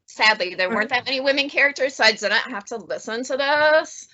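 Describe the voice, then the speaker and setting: A woman librarian hosting a casual book chat, talkative and quick to laugh. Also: high-pitched, animated, sharp tone, dull audio. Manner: chatty, laughs often. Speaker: librarian, segment host.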